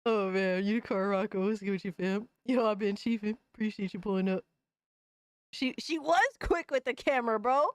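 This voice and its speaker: A woman's voice: mid-range voice, moderate pace, clear, resonant tone, no echo, clean studio sound. A woman hosting a casual livestream, chatting in loose, profane slang and often breaking into laughter. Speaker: livestream host.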